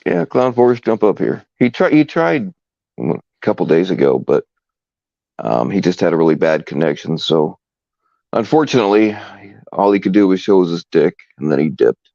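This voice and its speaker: A man hosting a live stream, chatting casually in a halting, laid-back way with many fillers. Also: low-pitched, lively intonation, vocal fry, mellow, dry recording, dull audio. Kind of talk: casual chat.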